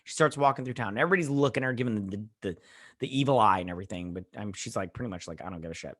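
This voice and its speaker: A man at an ordinary middle pitch, talking loosely through an episode recap as a review-channel host. He rambles and restarts often, leaning on fillers as he goes. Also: racing, a bit bright. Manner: heartfelt, saying he feels choked up.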